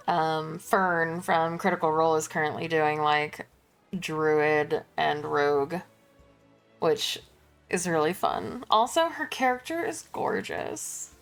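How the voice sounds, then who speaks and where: A woman's voice: on the low side, clean tone. A woman streamer chatting casually and self-deprecatingly while playing a game.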